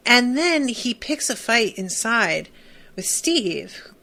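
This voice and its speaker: Woman, podcast host, casual recap, gushing, emphatic, unhurried delivery. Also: fairly high pitch, big pitch swings, vocal fry, pushed and bright. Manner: gushing, emphatic, frequent fillers.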